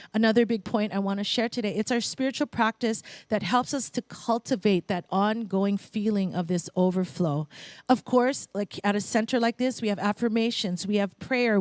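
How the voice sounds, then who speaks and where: A woman's voice: fairly high pitch, dry recording. Lady preaching casual to a spiritual center crowd, playful little asides, dry close sound. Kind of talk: conversational sermon. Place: spiritual center congregation, in Hawaii.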